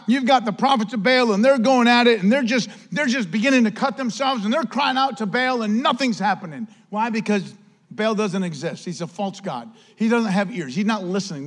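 A man preaching a sermon as pastor, telling the story with animated energy and acting out the quotes. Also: high-pitched, big-room sound.

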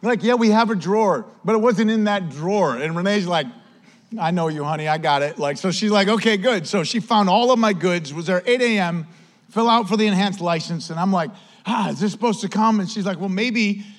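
A man with a Western New York accent preaches in a storytelling sermon. His voice sits high for a man. He talks in a casual, animated way and keeps dropping "man" into his sentences as he tells the story. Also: fairly quick. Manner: animated, conversational, says "man" often. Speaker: pastor.

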